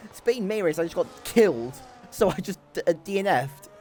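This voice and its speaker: A young man giving excitable, sweary live commentary on a sim race while bantering with his chat. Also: a little high, brisk, few pauses, faint music behind.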